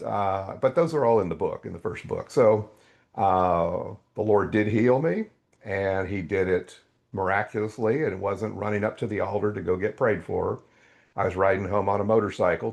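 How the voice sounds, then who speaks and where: An older man, a podcast guest, telling a faith testimony as an animated storyteller whose voice leaps up when excited. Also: low-pitched, normal speed, gravelly.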